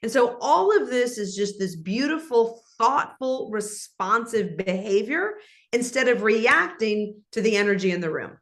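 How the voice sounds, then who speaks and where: A woman guest in an interview, speaking in an animated, instructive way and acting out example conversations. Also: fairly high pitch, unhurried.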